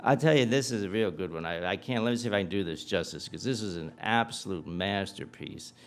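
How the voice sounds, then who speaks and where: A man's voice: low voice, brisk. A man giving a humorous guest lecture, telling stories animatedly and acting out dialogue with comic asides.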